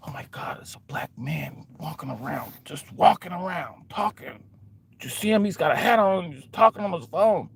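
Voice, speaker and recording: A man voicing a nosy onlooker who whispers in a scandalized hush about a stranger. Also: high voice, expressive, moderate pace, gravelly, husky, exaggerated voice. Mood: gossiping. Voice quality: hushed, gasping whisper. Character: nosy whispering white onlooker, gossipy woman.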